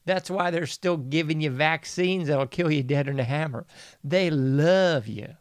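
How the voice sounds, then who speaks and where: A man's voice: a little high, normal speed, dry recording, studio quality. A man hosting a casual news commentary show, mocking and sarcastic, laughing often. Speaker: podcast host.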